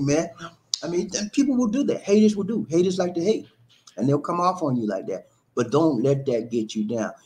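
A man hosting a casual live stream, greeting viewers by name, chanting and rhyming, and laughing at his own jokes. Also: medium pitch. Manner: animated, shout-outs to viewers, chanting and rhyming.

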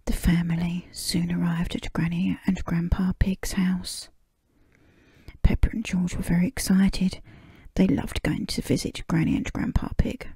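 Woman reading a kids book in whispered role-play, super breathy, slow, dry close sound. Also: lowish voice, little pitch movement, warm tone, no echo. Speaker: storybook reader.

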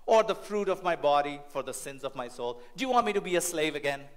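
A sarcastic, snotty male lawyer, as a preacher puts him on in a sermon, pleading his case with heavy exaggeration. The voice sits well above the preacher's own and comes out louder. It has a lively swing in pitch. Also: fast, natural voice.

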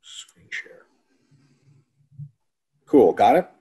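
A man co-hosting a fitness webinar in casual chat, animated and profane, acting out quoted people as he tells stories. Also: drawn-out words. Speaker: webinar co-host.

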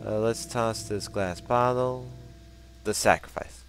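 Animated young man doing game commentary. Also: on the low side, normal speed. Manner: animated, joking, reads game text aloud. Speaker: gameplay commentator. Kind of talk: casual let's play commentary.

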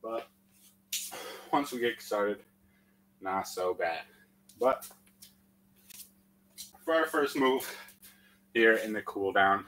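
A man's voice: medium pitch, pushed and bright, slight background noise, rough recording. A man leading a live-streamed workout, out of breath after exercising, calling out countdowns and encouragement and chatting with lots of fillers. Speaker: fitness instructor.

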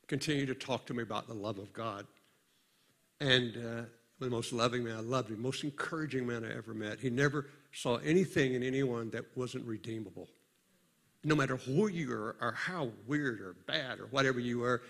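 An older man, a pastor, preaching a sermon in a conversational storytelling way, often pausing and restarting his sentences. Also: mid-range voice, vocal fry, fairly bright tone.

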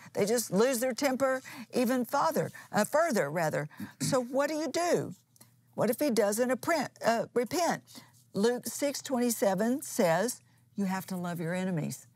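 A woman's voice: on the high side, animated, normal speed, darkish tone, husky, no room sound. A woman pastor and co-host giving a conversational Bible teaching in an earnest, plain-spoken way, restarting phrases as she explains.

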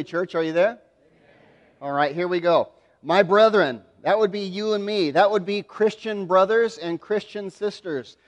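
A man preaching a sermon to his congregation, asking them to answer back and acting out scenes as he goes. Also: high-pitched. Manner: animated preaching with call-and-response to the congregation. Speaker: pastor. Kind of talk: expository sermon. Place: church sanctuary. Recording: long hall reverb.

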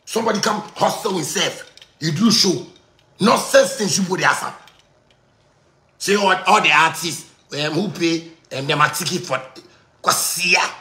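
A man with a Ghanaian accent on a heated, repetitive monologue in pidgin, breaking into bursts of shouting. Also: fairly high pitch, moderate pace, vocal fry, echoey room.

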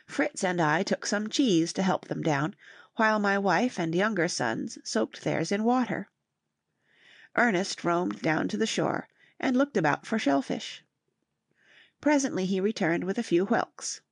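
A woman narrates a classic novel as an audiobook, reading at a steady, even pace. Her voice has a gravelly edge. The sound is close and dry. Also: medium pitch, unhurried, dry recording.

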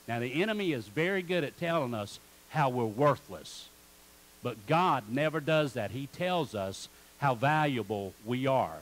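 A man's voice: mid-range voice, a little hiss or hum, poor audio. A man preaching a sermon in church as pastor, calling on the congregation to repeat words back. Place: church sanctuary.

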